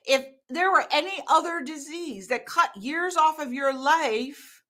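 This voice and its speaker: A woman hosting a live stream as a hormone coach, talking bluntly and laughing often. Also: sits high. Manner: animated, laughing, blunt and emphatic. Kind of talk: casual live-stream talk to viewers.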